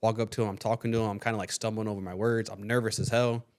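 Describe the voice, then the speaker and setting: A man's voice: fairly low pitch, flat delivery, rapid-fire. A young man hosting a podcast, telling a story in casual chat, swearing freely and acting out the voices of people he quotes. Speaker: podcast host.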